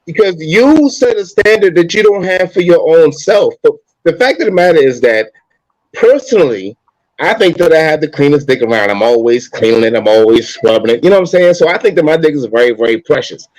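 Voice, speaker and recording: A man's voice: fairly high pitch, lively intonation, a little fast, darkish tone, no echo, low-quality recording. A man chatting on a podcast, boastful and brash, swearing freely. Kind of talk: casual chat.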